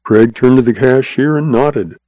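A man narrating a western story in a steady, measured audiobook reading. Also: medium pitch, dry recording.

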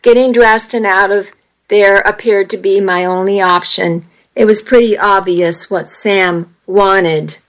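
Slow-reading woman storyteller. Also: mid-range voice, steady tone, rough recording. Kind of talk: first-person story reading.

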